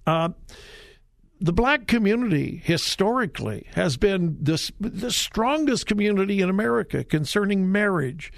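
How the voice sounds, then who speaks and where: A man's voice: high-pitched, expressive, normal speed, creaky, dry recording. A man hosting a radio talk show from a studio, chatty and folksy with a joking manner. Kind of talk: casual radio interview.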